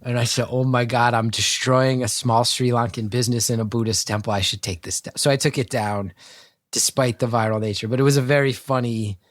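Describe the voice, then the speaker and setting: Man, podcast co-host, animated storyteller, mid pitch, acts out quotes, dry close sound. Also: a little fast, no echo. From North Jersey. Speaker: guest co-host. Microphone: video call.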